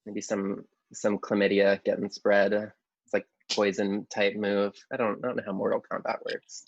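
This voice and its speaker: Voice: low voice, level tone, a little slow, dry recording, muffled recording. A person with a Southern US accent in a comedy debate, playful, laughing and trailing off. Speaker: debate contestant. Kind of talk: comic debate banter.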